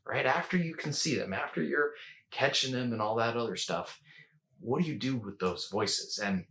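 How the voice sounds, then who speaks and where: A man's voice: medium pitch, normal speed, fairly bright tone. A man hosting a casual coaching talk, conversational and repetitive, often checking in with "right?". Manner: conversational, repeats words and rhetorical "right?". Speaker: host.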